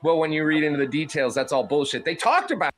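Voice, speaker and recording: A man's voice: a little high, very animated, quick pace, a little hiss or hum. A man giving heated, profane political commentary as a panel host, mocking and putting on voices when he quotes people.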